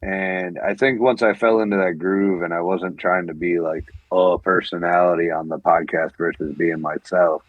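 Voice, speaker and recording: A man's voice: sits low, fairly even intonation, normal speed, hardly any pauses, no echo. A man co-hosting a podcast, talking candidly in casual chat, often restarting and repeating words. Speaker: podcast co-host. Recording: dull lo-fi sound.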